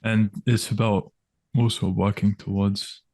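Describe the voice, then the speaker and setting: A man with a lowish voice leads the interview in a measured way, summing up the guest's points before he asks the next question. His voice sounds close and dry. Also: flat delivery, darkish tone, no room sound.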